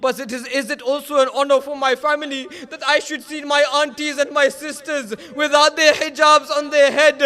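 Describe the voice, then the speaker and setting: A preacher voicing a grave, weeping imam who answers with anguish and reproach. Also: male voice, very high-pitched, level tone, moderate pace, hardly any pauses, pushed and bright.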